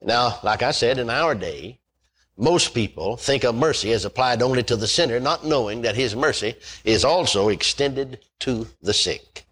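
Husky-voiced preacher man, lively pitch. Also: moderate pace. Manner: emphatic preaching, repeats points, interjects hallelujah. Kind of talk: sermon on healing, reading scripture aloud.

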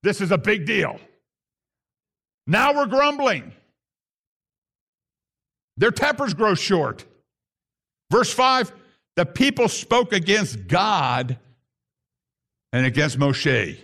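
A man with a high-pitched voice delivers a sermon from the pulpit. He reads scripture aloud and lifts his voice on the key points. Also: big pitch swings, slow, long pauses, fairly bright tone. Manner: emphatic preaching, voice rises on key points. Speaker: pastor.

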